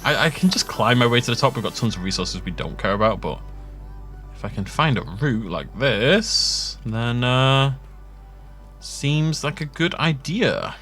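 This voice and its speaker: A man's voice: mid-range voice, sing-song, measured pace, a bit bright, soft background music. A young man rambling and joking as he plays, self-mocking and chatty. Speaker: gaming YouTuber. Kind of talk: rambling gameplay commentary.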